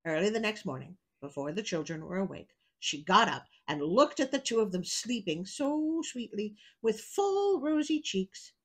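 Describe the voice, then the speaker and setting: Woman with a lively storytelling voice. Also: mid-range voice, husky, poor audio. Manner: wry, chatty asides between narration. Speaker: storyteller host. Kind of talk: storybook reading with comic asides.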